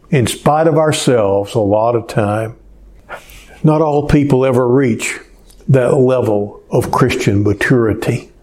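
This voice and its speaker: A man preaching a sermon as pastor, telling a story in a slow, unhurried way. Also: mid-range voice, darkish tone.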